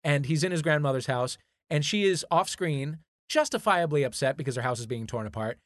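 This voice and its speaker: A man's voice: fairly high pitch, brisk, no room sound, clean studio sound. A middle-aged American man hosting a comedy panel show, joking with teasing asides. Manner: wry, lively and teasing, with scripted asides. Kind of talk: quick comic banter, hosting a panel.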